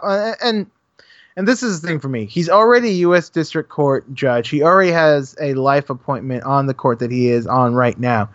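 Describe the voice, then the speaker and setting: A man's voice: mid-range voice, moderate pace, a bit bright, no echo, muffled recording. Heated man, sarcastic chat. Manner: heated, sarcastic, mocks with quoted voices. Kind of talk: casual political chat.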